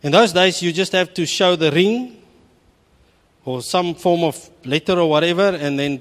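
A middle-aged South African man preaching a sermon, telling stories with an animated, humorous delivery. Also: on the high side, normal speed, long reverb tail.

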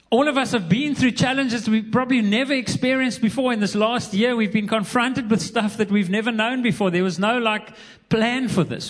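A man preaching a sermon as pastor, earnest and repeating words as he builds his points. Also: high-pitched. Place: church hall. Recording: long hall reverb.

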